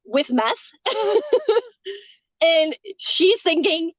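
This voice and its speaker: A woman's voice: very high-pitched, expressive, drawn-out words, fairly bright tone, no echo, muffled recording. A woman who works a hotel front desk, telling a story casually, rambling, swearing freely and laughing between lines.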